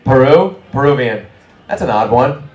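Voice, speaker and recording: A man doing stand-up crowd work, brash and teasing, firing quick jabs at audience members. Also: medium pitch, animated. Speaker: stand-up comedian. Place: small comedy club. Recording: roomy club from a distance, crowd laughter. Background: audience laughing.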